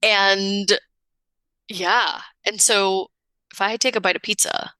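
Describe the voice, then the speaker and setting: A woman relationship coach as a podcast guest, talking casually and expressively, swearing freely and swinging her pitch when telling stories. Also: steady tone, slow, pushed and bright, no echo. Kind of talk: casual conversational interview.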